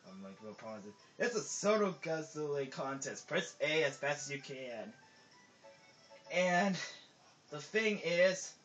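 A man with a medium-pitched, fairly bright voice gives rambling, casual gameplay commentary as a let's play commentator. He uses lots of filler words and tends to trail off mid-sentence, and the dull lo-fi audio has game music underneath.

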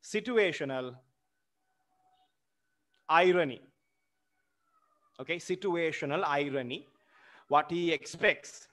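A man teaching a literature lesson, halting with many fillers and checks. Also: on the high side, fairly bright tone. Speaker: literature lecturer.

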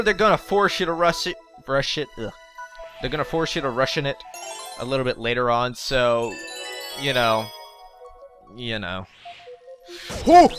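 A man's voice: medium pitch, pushed and bright. A young man rambling through gameplay commentary, joking to himself and yelping in panic at his mistakes. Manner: rambling, jokey, yelps in panic. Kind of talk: let's play commentary.

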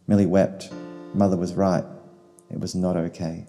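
A man reading a short story in slow, solemn narration. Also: deep voice, flat delivery, mellow. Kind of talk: scripted narration. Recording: long reverb, faint guitar music.

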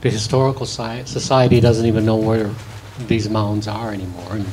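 A man's voice: on the low side, flat delivery, moderate pace, darkish tone, slight background noise, low-quality recording. A man from Minnesota speaking from the audience into a handheld microphone, talking hesitantly and restarting his sentences. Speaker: audience member. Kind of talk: halting comment from the floor.

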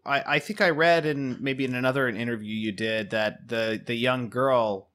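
A man's voice: medium pitch, fairly even intonation, normal speed, a bit bright. A man co-hosting a podcast, asking a guest a question and dropping in brief encouraging replies. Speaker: podcast co-host. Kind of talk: podcast interview.

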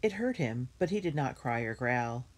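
A woman voicing a quiet, helpful young girl in a children's storybook read-aloud. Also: a bass voice, big pitch swings, normal speed, exaggerated voice. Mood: eager.

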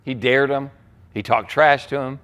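A man, a pastor, preaching a sermon with animated storytelling, acting out quoted lines. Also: medium pitch, moderate pace, clear, resonant tone.

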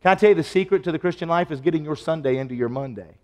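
A man preaching a sermon, telling stories and acting out the dialogue, his voice swinging from loud to hushed. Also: on the high side, racing, big-room sound, highs cut off. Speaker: pastor. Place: church sanctuary.

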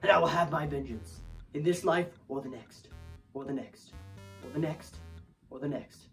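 A woman's voice: mid-range voice, animated, moderate pace, gravelly, recorded from a distance, soft background music. A woman voicing a pompous little vegetable minion general who gives a mock-epic rallying speech to troops. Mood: vengeful.

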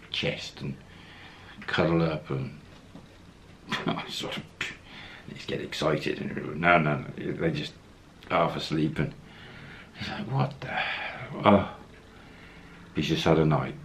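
A man's voice: very deep voice, fairly bright tone, a little hiss or hum. A man casually telling a travel story, acting out the quoted lines as he goes. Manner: anecdotal, acts out quoted lines, chuckles.

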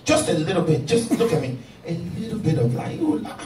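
A man acting in an amateur church drama, excitable, dropping to a hush and then rising loud. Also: on the high side, fast. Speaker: churchgoer who lies on the phone. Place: church building, indoors. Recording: echoey, distant mic with clear background noise.

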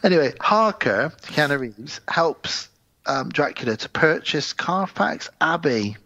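A man's voice: a little high, unhurried, no room sound. A man co-hosting a podcast, chatting about films casually and acting out scenes in voices. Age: adult with wife and in-laws. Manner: animated, acts out scenes in voices, laughs often. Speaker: podcast co-host. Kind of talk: casual film review chat. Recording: dull, dry lo-fi sound.

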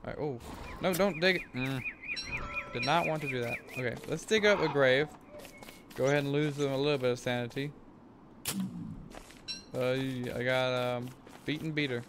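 A man casually talking through his gameplay as a streamer, rambling and thinking aloud, with sudden excited whoops. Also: medium pitch, moderate pace, long pauses, background noise. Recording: game music playing under the voice. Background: game music.

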